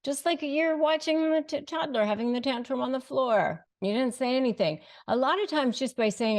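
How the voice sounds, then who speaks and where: Woman with a gravelly edge talking straight to camera, punchy advice, leans on key words. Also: on the high side, darkish tone. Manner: emphatic, slows down to stress key phrases. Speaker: host giving advice. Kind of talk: direct-to-camera advice talk.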